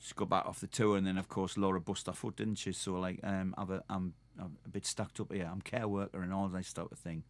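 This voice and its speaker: A man's voice: sits low, little pitch movement, a little fast, hardly any pauses, no echo. Rambling Geordie man hosting a stream. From North East England. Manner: rambling, chatty, self-mocking. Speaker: live stream host. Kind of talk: casual chat to viewers.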